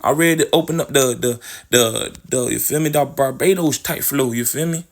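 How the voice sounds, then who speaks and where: In a medium-pitched voice at a moderate pace, a man gives a rambling spiritual monologue. He toys with wordplay, starts phrases over, and keeps asking "you feel me."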